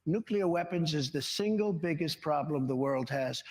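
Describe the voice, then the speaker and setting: This interview guest, a man in his seventies, speaks at normal speed in a slightly mellow voice that runs a little higher than typical for men. Answering town hall questions, he wanders between stories with plenty of boasting, his words trailed by the long echo of a big hall.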